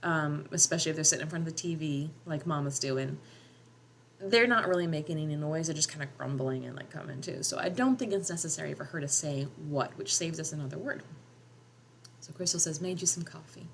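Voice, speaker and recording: Brisk and low-pitched with vocal fry, a female writer and editing teacher drawls in a North Georgia Appalachian accent while casually explaining her short-story editing process. She thinks out loud with frequent ums, over slight background noise.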